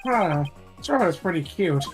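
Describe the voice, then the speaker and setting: A woman's voice: lowish voice, expressive, moderate pace, lightly acted. A woman reading a wry male defense attorney in a dry, understated way, with faint game music behind.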